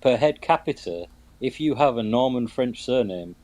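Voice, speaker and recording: Give me a British man with a warm, mellow voice making thoughtful remarks in casual chat. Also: mid-range voice, animated, moderate pace, no echo.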